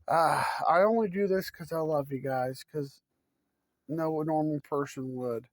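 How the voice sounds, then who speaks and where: A man vlogging outdoors in deep snow on a phone camera, cold and out of breath, talking to his viewers as folks in a folksy way. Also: measured pace, no room sound. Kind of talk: casual outdoor vlog.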